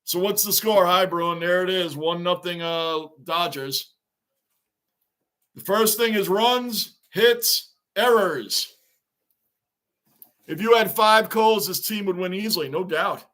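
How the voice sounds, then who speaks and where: Talking slowly, a high-pitched live stream host reacts to a baseball game like a frustrated fan of his team. He keeps it casual, chatting with his audience and reading their comments out loud.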